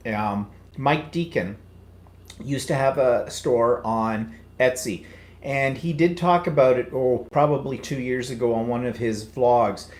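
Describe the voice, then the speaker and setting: A man's voice: mid-range voice, unhurried. A man co-hosting a casual live chat show, teasing his co-host and steering the talk back on track. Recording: roomy echo.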